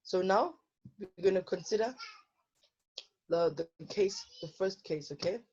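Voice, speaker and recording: In an online physical science lesson, a woman works through problems and frequently asks her students "okay?" to check in. She sounds animated yet unhurried, with a medium-pitched, darkish, husky voice, and the lo-fi recording is dull.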